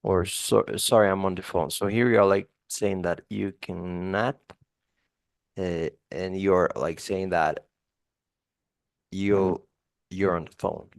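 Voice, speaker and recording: A man's voice: low voice, steady tone, slow pace, vocal fry, long pauses, no room sound. A man teaching English one to one, explaining grammar casually with many fillers and spoken examples.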